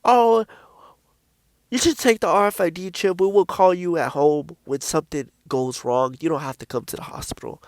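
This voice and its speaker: A man's voice: fairly high pitch, normal speed, no echo, natural voice. A man putting on the voice of a persuasive doctor who sweet-talks patients in a coaxing, snake-like way.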